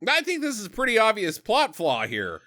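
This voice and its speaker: A man recaps a schlocky movie for a podcast, swearing freely and joking as he goes. His voice is bright and slightly high, and it swings widely in pitch. The whole delivery is loose, casual and animated. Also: a little fast. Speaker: podcast co-host.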